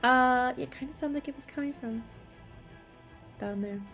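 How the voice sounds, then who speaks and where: A woman's voice: high voice, normal speed, lo-fi sound, soft background music. Playful laughing woman at a game table. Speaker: player. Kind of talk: tabletop game play, casual chat.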